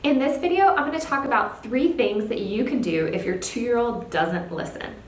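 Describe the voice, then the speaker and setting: A young woman, a speech therapist, giving parenting tips in a clear, upbeat teaching manner. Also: a little high, normal speed. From California. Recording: echoey room, faint background hiss.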